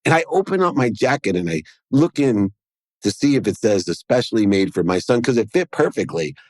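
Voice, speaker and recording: A man with a somewhat low voice tells a personal story as a podcast guest. He speaks earnestly and acts out the lines of the people in his tale. The sound is close and dry, with no room echo. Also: big pitch swings, brisk.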